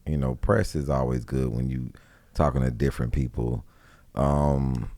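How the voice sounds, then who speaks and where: Very deep, gravelly-voiced laid-back man. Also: fairly even intonation, normal speed, warm tone, dry recording. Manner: laid-back, short plain answers. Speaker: guest comedian. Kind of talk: casual interview chat.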